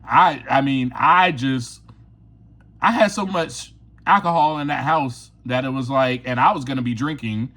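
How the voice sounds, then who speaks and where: A man's voice: mid-range voice, a little slow, sharp tone. A man hosting his own podcast, telling a personal story in a candid, confessional way and laughing often. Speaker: podcast host.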